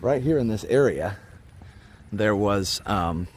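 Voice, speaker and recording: A fairly low-voiced man from Indiana hosts a live stream while walking outdoors in a park. He rambles in a friendly, filler-heavy way and stops to greet viewers. Faint traffic hums in the background. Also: animated, slow, a little mellow. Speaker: livestream host. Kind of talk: casual live-stream tour talk.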